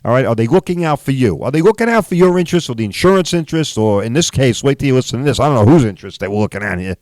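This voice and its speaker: Animated and racing, with a medium pitch and a slightly mellow tone, a middle-aged podcast host tells a story. He owns a body shop, and his telling is a profane, emphatic rant that keeps asking "right?". There's no echo.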